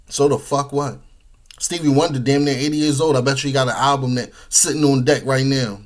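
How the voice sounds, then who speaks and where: Brisk and steady, this man's mid-range voice carries a casual solo podcast monologue. As host, he swears, uses plenty of slang, and chews on food while speaking.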